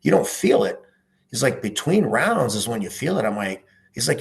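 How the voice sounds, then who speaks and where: A man's voice: lowish voice, big pitch swings, normal speed, creaky, low-quality recording. A middle-aged man, a former police officer, talking in a casual podcast interview, earnest and emphatic, swearing freely.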